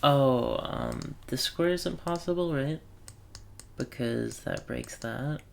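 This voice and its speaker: A man's voice: mid-range voice, slow, vocal fry, a little hiss or hum. A man thinking aloud in wry self-talk while commentating a puzzle game. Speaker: let's play gamer.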